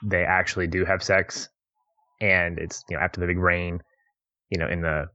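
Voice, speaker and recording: Low-voiced man on dull lo-fi audio. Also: flat delivery, moderate pace, bright, forceful tone. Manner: reflective, laughs easily. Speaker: podcast co-host discussing a film. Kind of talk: casual chat.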